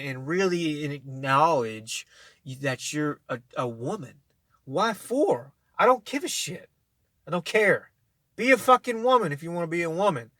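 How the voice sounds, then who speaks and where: A man's voice: on the high side, a bit bright, dry recording. A man ranting casually to camera, blunt and profane, rambling with many restarts and talking straight at the listener. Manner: argumentative, addresses listener directly. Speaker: vlogger.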